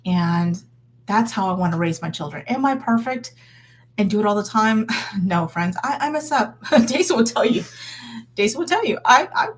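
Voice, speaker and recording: Animated and medium-pitched, a woman in her thirties talks at normal speed in a casual faith vlog. She encourages her viewers earnestly, with lots of fillers and restarts.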